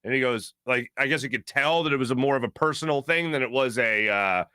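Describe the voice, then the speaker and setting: Bright, earnest male sports host. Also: medium pitch, fairly quick, smooth, dry recording, studio quality. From Philadelphia area, USA. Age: adult with young children. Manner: earnest, emphatic, heartfelt. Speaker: sports talk show host. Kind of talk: sports talk monologue.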